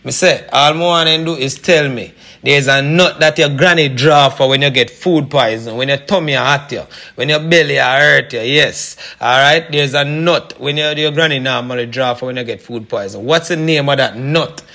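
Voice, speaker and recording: A man's voice: mid-range voice, moderate pace, sharp tone. A man putting on a Jamaican patois accent to play a pushy, chatty sales promoter. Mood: salesy. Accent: put-on Jamaican patois. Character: male pitchman in a put-on Jamaican voice.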